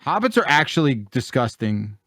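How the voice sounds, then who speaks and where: A man's voice: mid-range voice, big pitch swings, moderate pace, bright, forceful tone, no echo, clean studio sound. A man co-hosting a podcast, blunt and crude in his joking. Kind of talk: casual podcast chat.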